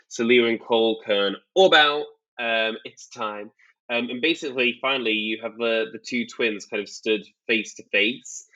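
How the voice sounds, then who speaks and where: A man's voice: mid-range voice, sharp tone. A man co-hosting a podcast, recapping a book in casual chat, talking loosely with lots of ums. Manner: loose, filler-heavy retelling with many ums. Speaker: podcast co-host. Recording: slightly dull lo-fi audio.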